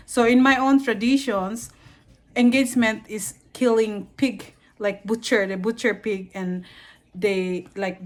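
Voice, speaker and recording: Giggly Filipino woman, slow talker. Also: medium pitch. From Philippines. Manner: giggly, laughs often, emotional. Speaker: vlogger. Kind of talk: casual home vlog.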